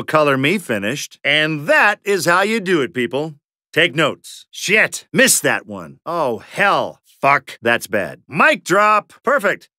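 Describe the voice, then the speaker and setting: A sardonic, foul-mouthed mercenary from a zombie shooter game, tossing out wisecracks with a bright, edgy tone. His pitch leaps all over the place, and the sound is dry and close. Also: no room sound, full character voice. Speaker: video game character. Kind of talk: game voice lines.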